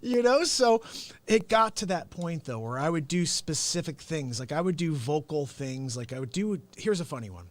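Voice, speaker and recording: A man's voice: a little high, animated, normal speed, hardly any pauses, no room sound. A man hosting his own unscripted live-stream talk show. He tells stories with lots of animation, laughs often, speaks straight to his viewers, and slips into comic impressions. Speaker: host and real estate agent.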